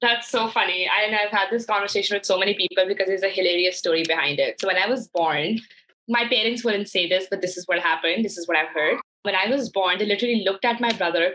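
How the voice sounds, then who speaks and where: Brief: young adult woman guest, animated storyteller who laughs and does quoted voices, mid-pitched. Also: quick pace, poor audio. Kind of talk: casual conversational storytelling.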